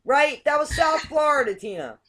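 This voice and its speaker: A woman's voice: high voice, very animated, normal speed, fairly bright tone. A woman from Canada hosting a casual group video chat, chatty and giggly, often restarting her words. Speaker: host.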